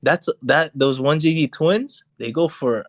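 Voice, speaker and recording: A young man co-hosting a podcast, telling a story in a casual, animated, profane way and acting out what people said. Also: fairly high pitch, unhurried, no room sound. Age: young adult. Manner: animated, profane, acts out quotes. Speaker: podcast co-host. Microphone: podcast mic on voice chat.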